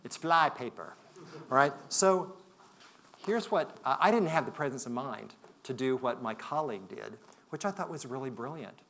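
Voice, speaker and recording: A man's voice: medium pitch, animated, normal speed, gravelly. Reflective man telling a story on stage. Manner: reflective, shifts from loud to hushed. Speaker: conference speaker. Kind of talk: storytelling keynote talk. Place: conference hall.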